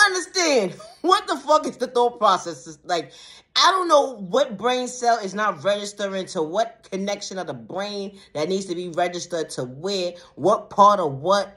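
Woman, vlog monologue rant, frequent laughter, heavy swearing, lively swooping pitch, bright. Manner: laughs often between phrases, heavy swearing, repeats rhetorical questions; calm lower-voiced affirmations in the closing sign-off. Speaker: vlogger. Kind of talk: casual monologue rant to the camera.

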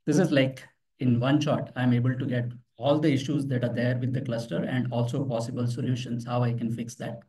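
In an office meeting room, a meetup presenter gives a brisk live tech demo, his dark, medium-pitched voice keeping a level tone. He talks casually, recounts anecdotes, and poses questions to listeners, recorded from far off the mic.

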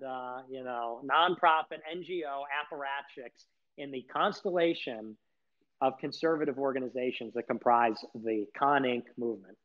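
Ranting, sarcastic man on muffled audio. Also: a little high. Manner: sarcastic, ranting, mocking, laughs often. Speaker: host of a live audio chat room. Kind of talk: rambling live monologue. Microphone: streaming audio over the internet. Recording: dull lo-fi online audio.

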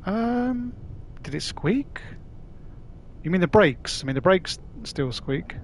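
A gaming livestreamer from London, Cockney-accented, chats with viewers in a matey way and swears freely. He speaks slowly in a high, very animated voice, and there's a little hiss or hum.

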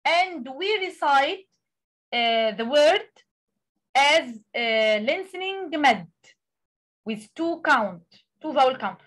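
A woman who speaks Arabic natively, teaching a tajweed lesson in English, explaining with many pauses and reciting examples. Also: high voice, animated, a bit bright. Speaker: Quran recitation tutor.

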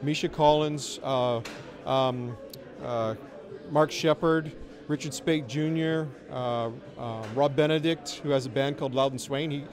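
A middle-aged filmmaker is interviewed outdoors at a festival, with music playing in the background. His mid-range voice is a little slow as he tells stories in a chatty, wry, self-deprecating way.

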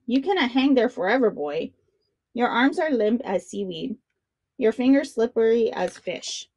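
Woman doing a boastful shark king, storybook villain, gloating tone, higher than most. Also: expressive, measured pace, a little mellow. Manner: gloating, then pleading.

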